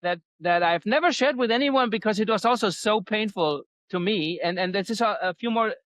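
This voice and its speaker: A man's voice: sits high, brisk, fairly bright tone, no room sound. A male host in a casual interview, speaking earnestly and hesitantly, often restarting his sentences. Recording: dull lo-fi sound.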